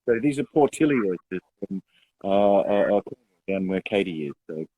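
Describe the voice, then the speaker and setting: A young man co-hosting a casual live show, chatty and quick to laugh, calling his partner mate. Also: low voice, lively intonation, mellow, husky, rough recording. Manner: chatty, laughs often, says mate a lot. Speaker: co-host.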